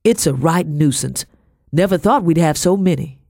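A man's voice: fairly high pitch, moderate pace, creaky, darkish tone, no echo, clean studio sound. A man voicing a blunt, scornful British army officer in an audiobook. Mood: irritated. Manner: scornful, brusque.

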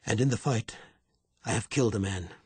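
A man reading aloud, voicing a hunted young fisherman who speaks in a low, solemn, quietly pleading way. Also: a little fast, slightly rough, no echo. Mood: grave.

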